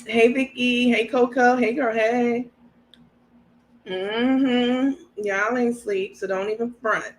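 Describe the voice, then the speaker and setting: A woman's voice: on the high side, steady tone, takes it slowly. Woman doing a chatty livestream, laughs a lot, greets everybody. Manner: chatty, greets viewers by name, laughs often. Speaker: livestream host. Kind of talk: casual livestream chat.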